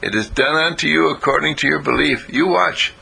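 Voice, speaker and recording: A man voicing a calm, patient male spiritual teacher in a told story, speaking slowly and earnestly. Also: fairly high pitch, vocal fry, husky, pitched above the performer's own voice, heavily acted, poor audio. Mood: insistent. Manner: slow, measured, earnest. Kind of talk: storytelling with voices.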